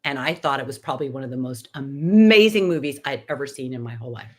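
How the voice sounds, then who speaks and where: A woman in her sixties, a podcast guest, telling an animated story and acting out the dialogue. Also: a bass voice, fast talker. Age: 60s. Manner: animated, acts out quoted dialogue. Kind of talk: anecdotal storytelling in conversation.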